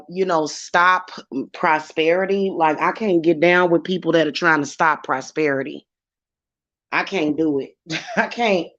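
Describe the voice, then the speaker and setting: A woman's voice: low-pitched, fairly bright tone, dull audio. A woman tarot reader talking bluntly and casually on a livestream. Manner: blunt and chatty.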